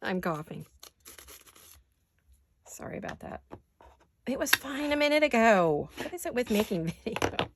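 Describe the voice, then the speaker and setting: Raspy, gravelly woman chatting while crafting. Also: a little high, very animated, a little slow, pauses often, noisy background. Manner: chatty, self-deprecating, talks to viewers. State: raspy voice from allergies. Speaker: craft vlogger. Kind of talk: casual chat while crafting. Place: home craft studio.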